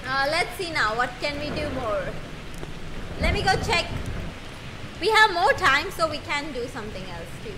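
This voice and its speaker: A young woman streaming a horror game, talking loudly and excitably, swearing and sometimes screaming. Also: sits high, normal speed, noisy background. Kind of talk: let's play commentary. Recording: game music behind her voice.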